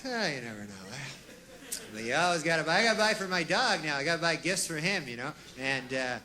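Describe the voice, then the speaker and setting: A man delivering a stand-up comedy monologue with a deadpan, rambling manner, tossing in asides and folksy fillers. His voice is bright and sits slightly high. A faint ambience is heard behind him. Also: a little fast, slight background noise. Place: comedy stage with a live audience.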